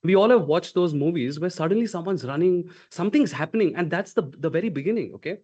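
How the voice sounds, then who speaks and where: A man lectures a leadership class over a video call, his voice set a little high and full of emphasis. He keeps firing rhetorical questions and tags his points with "okay?". The call audio is dull and lo-fi. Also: animated, fast talker, a little mellow. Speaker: leadership instructor.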